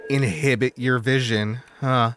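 A man streaming a video game, thinking out loud in casual commentary, swearing and laughing easily. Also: mid-range voice, steady tone, unhurried, slight background noise. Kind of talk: casual let's-play commentary.

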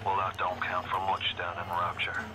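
A gruff radio guide, low and urgent. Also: male voice, monotone, moderate pace, background noise. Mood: warning.

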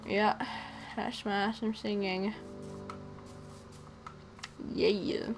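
Young female gaming host, relaxed unhurried delivery, bubbly and prone to humming. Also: medium pitch, over music. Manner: playful, sings and hums to herself. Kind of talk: casual gameplay commentary.

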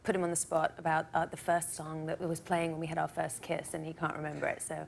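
Sex: woman. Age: 30s. Role: talk show guest. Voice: lowish, gravelly. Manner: breezy, joking. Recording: TV studio, faint noise. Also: little pitch movement, fast. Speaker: film actress guest.

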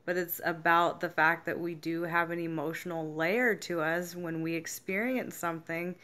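A woman's voice: fairly low pitch, fairly even intonation, moderate pace, pushed and bright. A young adult woman vlogging candidly about feelings, swearing freely and acting out what people said to her. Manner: frank, swears freely, acts out quoted reactions. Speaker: self-help vlogger. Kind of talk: casual candid monologue.

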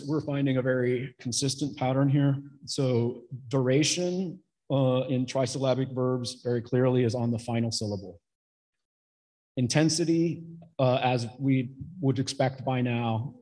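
Husky-voiced man giving an academic talk. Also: mid-range voice, dark tone, low-quality recording. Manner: measured and explanatory, pausing between points. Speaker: conference presenter. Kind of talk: academic conference presentation.

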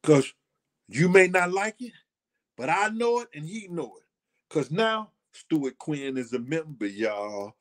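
A middle-aged man with a fairly high-pitched voice delivers a casual, blunt monologue. He talks profanely and leans on repeating words and phrases for emphasis. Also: sing-song, a little slow. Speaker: host.

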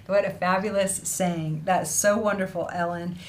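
A woman's voice: on the low side, steady tone, moderate pace, slight background noise. Bubbly woman hosting a craft livestream. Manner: bubbly, effusive, laughs often. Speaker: host of an online felting school livestream. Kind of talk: casual livestream chat, reading student messages.

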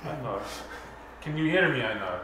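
A man's voice: medium pitch, big pitch swings, normal speed. A man playing a tabletop game, chatting playfully and talking in character. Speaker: player. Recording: very echoey, loud background noise.

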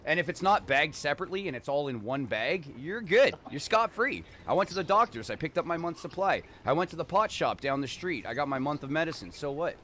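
Canadian streamer, loose and profane, lively pitch, noisy game audio behind. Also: male voice, brisk, hardly any pauses. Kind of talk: casual gaming chat with strangers.

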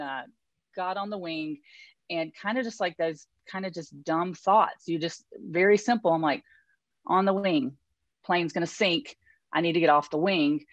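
A woman's voice: sits low, dry recording. A woman guest on an interview, telling her story conversationally and acting out what people said. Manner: animated, acts out quoted voices. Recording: dull, dry sound.

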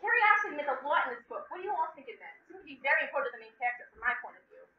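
An excitable, folksy book club host leads the talk, played by a teenage girl in a school sketch. Her voice sits very high, and it sounds distant and muffled in a reverberant room. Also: rapid-fire, slight background noise. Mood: chirpy. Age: teens. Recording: echoey room from far off, dull sound.

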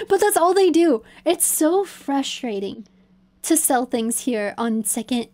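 A young woman from the United States, a streamer chatting casually and excitedly in her bedroom, often restarting and laughing. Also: sits high, moderate pace. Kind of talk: casual chat.

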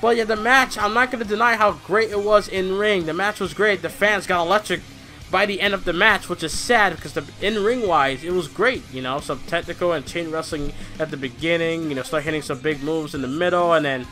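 A man reviewing wrestling shows in a casual, rambling, excitable way, swearing now and then. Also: high-pitched, a little fast, soft background music. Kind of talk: casual commentary vlog.

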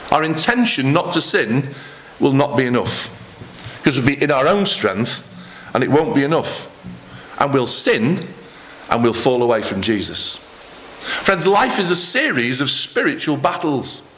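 Man, pastor, church sermon, fairly high voice, bright tone, animated delivery. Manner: animated preaching, acting out quoted lines.

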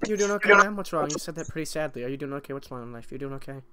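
A young man hosting crude video chats with strangers, loud, teasing and swearing, now and then breaking into shouts. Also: fairly high pitch, lively intonation, racing. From Zimbabwe. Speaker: video chat prankster host. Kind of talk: crude joking chat with strangers.

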